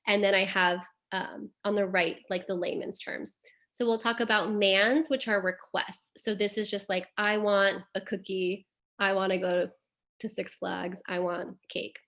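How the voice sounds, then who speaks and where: A woman's voice: medium pitch, a bit bright. A woman presenting a caregiver webinar as a behavior analyst, explaining terms plainly with frequent "um" and "like". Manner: explanatory, uses fillers like "um" and "like".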